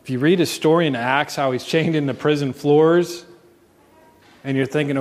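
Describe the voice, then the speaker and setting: A man's voice: a little high, steady tone, normal speed. A man preaching a sermon as pastor, earnest, asking his congregation questions. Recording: long reverb.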